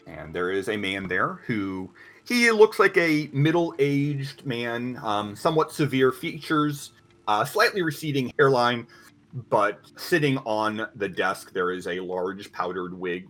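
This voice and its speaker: Game master man with a bright voice. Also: fairly low pitch, expressive, measured pace. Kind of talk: narrating a tabletop game.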